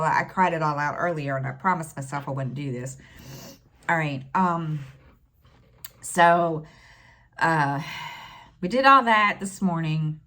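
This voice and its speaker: A middle-aged woman talking in a casual personal vlog, halting and full of fillers, close to tears. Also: low-pitched, fairly bright tone. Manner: halting, many fillers and restarts. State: tearful, near crying. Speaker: stitching vlogger.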